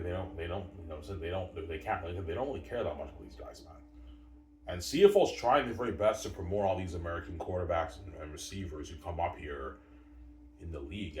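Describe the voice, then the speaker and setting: A man giving a casual opinion rant as a sports commentator, repeating himself with stammering restarts and calling his listeners "man" and "guys". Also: deep voice. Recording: roomy room, distant mic, faint ambient noise.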